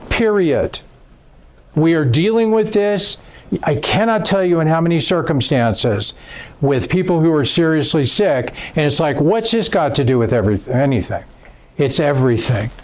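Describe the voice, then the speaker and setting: A man speaking at a seminar, slightly high-pitched, with animated, emphatic delivery. He moves between stories and teaching points, and acts out the quotes in them. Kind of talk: lecture with storytelling. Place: seminar room.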